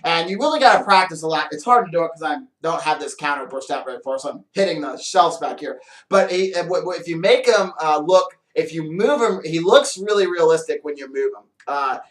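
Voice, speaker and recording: A man's voice: a little high, animated, a little fast, a bit bright, roomy sound. A man hosting a magic show, explaining tricks in a chatty, rambling way with lots of fillers. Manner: chatty, rambling, with many fillers and playful asides. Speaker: magician host. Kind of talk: casual how-to talk on magic. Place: small room with a counter and shelves.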